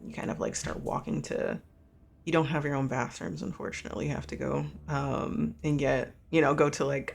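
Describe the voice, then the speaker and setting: A man's voice: on the high side, creaky, a bit bright. A man narrating as game master in a tabletop game, rambling with restarts. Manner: rambling, many fillers and restarts.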